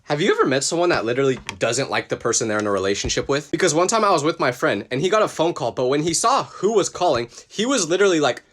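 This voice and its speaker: A young man telling funny stories as a comedian, animated and acting out voices. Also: on the high side, fast talker, few pauses. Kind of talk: comedic storytelling monologue.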